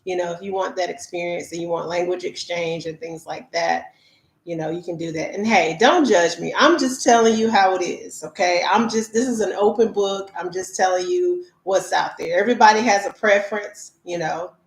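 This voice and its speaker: A woman's voice: fairly low pitch, moderate pace. A woman travel vlogger from the United States telling her viewers candid stories in a chatty, casual way with lots of fillers. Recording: roomy echo.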